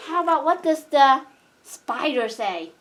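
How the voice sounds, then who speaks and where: Mom playing with her toddler, high and bouncy, talks real slow and sing-songy. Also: lively intonation. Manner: slow, sing-song, coaxing, teacherly. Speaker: mother.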